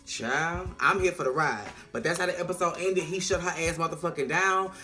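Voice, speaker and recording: A woman recapping a TV episode in a sassy, slang-heavy, animated way. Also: fairly low pitch, a little fast, faint music behind. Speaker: TV episode reviewer. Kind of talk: casual recap vlog.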